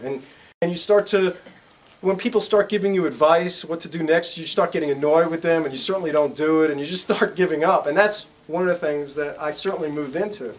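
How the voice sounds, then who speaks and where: A middle-aged man with an American accent tells anecdotes to a bookstore audience, his voice pitched fairly high for a man. He acts out the people in his stories with lively quoted voices. He talks like a psychologist and author sharing his own experiences. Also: rough recording. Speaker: author and psychologist giving a talk. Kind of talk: storytelling to a live audience. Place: bookstore event room.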